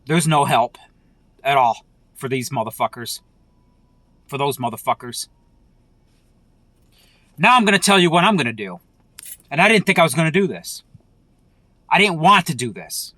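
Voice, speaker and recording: A man vlogs an angry political rant, cursing freely and circling back over the same points. His voice sits high for a man. The sound is close and dry, with no room behind it. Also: bright, forceful tone, dry recording. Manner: profane, heated, repetitive. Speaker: vlogger.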